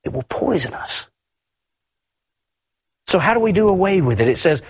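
A man preaching a sermon emphatically, often repeating words and swinging his pitch up and down. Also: big pitch swings, normal speed, pauses often, breathy edge, dry recording.

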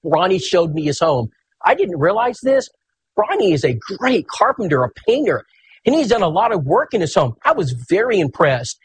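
A man, preaching in a folksy, animated storytelling sermon. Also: sits high, normal speed, slightly rough.

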